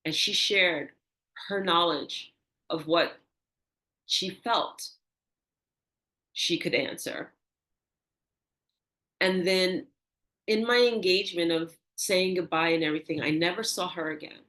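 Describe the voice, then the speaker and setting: Older woman, lowish voice, storytelling interview guest, animated then hushed. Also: takes it slowly, pauses often. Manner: animated, acts out quoted dialogue with rising pitch; drops to a soft, hushed tone for reflective moments. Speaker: interview guest, energy healer.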